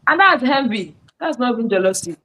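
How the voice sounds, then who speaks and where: A woman's voice: on the high side, animated, brisk, bright, forceful tone, rough recording. A woman joins a live-streamed panel as a guest and lays out her argument step by step. Her delivery is reasoned and explanatory. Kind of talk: casual panel chat.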